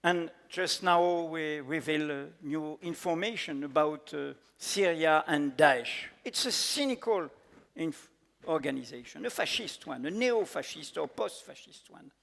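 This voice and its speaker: A man with a French accent, a native French speaker, giving an earnest, emphatic panel talk in halting English with many fillers. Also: on the high side, animated, vocal fry, fairly bright tone. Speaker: panel speaker, editor-in-chief. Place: large conference hall. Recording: echoey conference hall.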